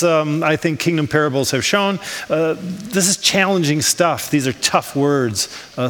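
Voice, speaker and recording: A man's voice: medium pitch, a bit bright, long reverb tail. A man preaching a sermon as pastor, talking in a conversational way with rhetorical questions and frequent ums. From United States. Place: church in Switzerland.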